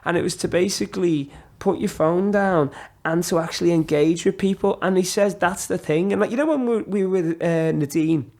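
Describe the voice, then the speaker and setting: An English man in his thirties, a podcast guest casually telling animated travel anecdotes and acting out the dialogue. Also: high-pitched, moderate pace, vocal fry, hardly any pauses. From England. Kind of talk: casual storytelling.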